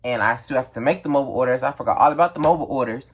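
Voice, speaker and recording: A young man telling a casual storytime, animated and emphatic, with lots of slang. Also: medium pitch, very fast. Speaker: vlogger.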